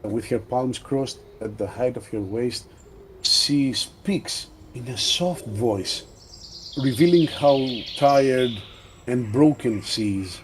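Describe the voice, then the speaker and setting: A man narrating a tabletop role-playing game as game master, in a slow, deliberate storytelling manner. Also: mid-range voice, a little hiss or hum.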